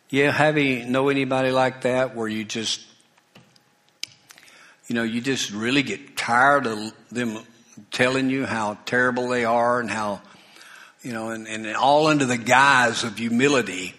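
A male preacher delivering a sermon at an unhurried, deliberate pace, with a forceful, bright tone. He speaks conversationally, dropping asides and repeating key words for emphasis. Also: mid-range voice, fairly even intonation. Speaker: pastor.

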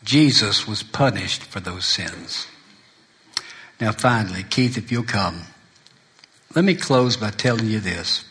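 A man's voice: fairly low pitch, animated, takes it slowly, pauses often, a bit bright. A middle-aged man preaching a sermon, telling folksy stories and acting out other people's lines. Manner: folksy storytelling preacher, acts out friends' lines. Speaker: pastor.

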